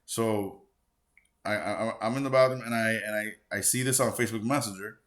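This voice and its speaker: Bright-voiced, cursing forty-year-old gaming vlogger. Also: male voice, fairly low pitch, fairly even intonation, brisk. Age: 40s. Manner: loose, profane and slangy, with many fillers. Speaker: gaming channel host. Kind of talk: casual rambling vlog.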